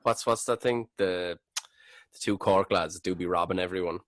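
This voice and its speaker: A man from Ireland co-hosting a podcast, joking and swearing in a low-key casual way. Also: normal speed. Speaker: podcast co-host.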